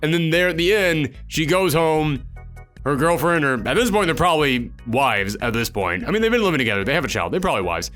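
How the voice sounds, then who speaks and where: A man's voice: a little high, big pitch swings, brisk, fairly bright tone, soft background music. A man giving an emphatic, ranting spoiler review of a video game, acting out imagined reactions. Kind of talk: opinionated spoiler discussion.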